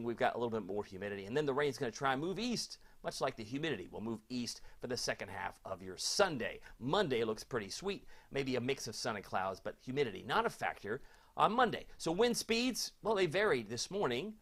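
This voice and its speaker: A man's voice: medium pitch, a bit bright. A man giving a live weather forecast in a chatty, folksy way, talking to viewers like neighbors. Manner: chatty, folksy, reads viewer comments aloud.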